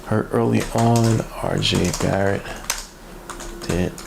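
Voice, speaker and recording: A tired man hosting a podcast, giving casual live play-by-play commentary, excitable and yelling at plays. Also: on the low side, slow pace, gravelly, background noise. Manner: excitable, yells at plays, trails off mid-word. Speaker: podcast host doing a game watch-along.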